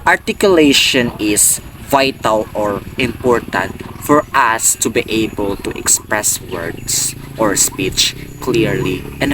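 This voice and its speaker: Guy teaching speech sounds, drags it out slow, lots of ups and downs, traffic noise behind. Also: medium pitch. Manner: repeats sounds and words slowly for the listener to copy; rephrases his own points with "or". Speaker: presenter explaining phonology. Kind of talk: educational lecture.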